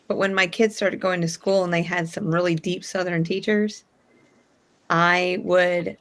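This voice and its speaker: A woman and mother chatting casually on a podcast, frank and quick to laugh. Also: lowish voice, fairly even intonation. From northern US. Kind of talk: casual chat.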